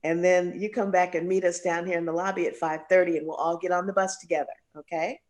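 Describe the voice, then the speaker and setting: A woman jazz singer being interviewed, telling a story with lots of voices for the people in it. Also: quick pace. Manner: animated storyteller, acts out quoted voices with big pitch jumps.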